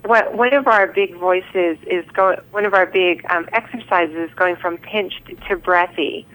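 A woman guest in a casual interview, who pauses and repeats words while she thinks, heard over a thin phone line. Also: on the low side, fairly bright tone.

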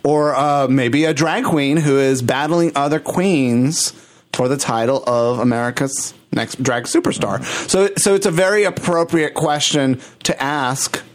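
A man hosting a casual chat in a playful, teasing way, quick to laugh. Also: on the high side. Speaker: podcast host.

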